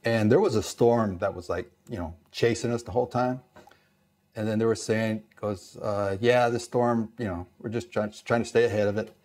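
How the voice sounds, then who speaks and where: With a fairly low voice at normal speed, this East Los Angeles man, a former Navy sailor, animatedly recounts stories during an interview. He performs the characters' lines and leans heavily on "you know."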